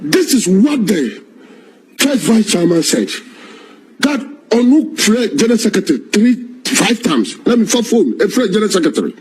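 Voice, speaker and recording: Brief: Ghanaian male panelist, husky and high, swinging pitch, animated storyteller. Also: moderate pace. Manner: animated, acts out phone calls with quoted voices.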